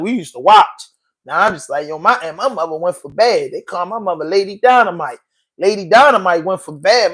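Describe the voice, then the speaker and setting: A man hosting a podcast, talking in an emotional, slangy way, repeating himself and saying bro a lot. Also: on the high side. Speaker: podcast host. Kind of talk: casual commentary monologue.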